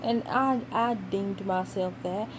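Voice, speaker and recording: A young woman with a Southern US accent from Tennessee, chatting casually and emphatically on a vlog, with fillers and pauses. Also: mid-range voice. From Knoxville, Tennessee, USA. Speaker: vlogger. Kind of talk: casual chat. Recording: home recording with clear background noise.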